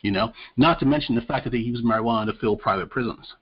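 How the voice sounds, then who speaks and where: Husky voiced podcast guy, earnest, stumbles over his words making a point, dull lo-fi audio. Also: mid-range voice, fast talker. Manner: earnest, stammering restarts when arguing a point. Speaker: podcast co-host. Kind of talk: casual chat. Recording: dull lo-fi sound.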